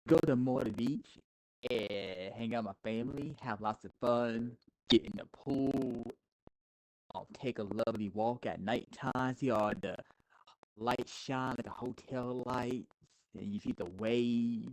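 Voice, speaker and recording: A man's voice: medium pitch, measured pace, darkish tone, rough recording. A man as a podcast guest telling a rambling, casual story, with restarts and chuckles.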